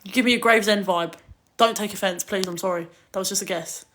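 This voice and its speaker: A woman's voice: mid-range voice, quick pace, fairly bright tone, slight background noise. A young woman from Kent, telling stories in a casual livestream chat, full of fillers and swearing. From Kent, England. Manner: chatty storytelling, lots of "like", swearing.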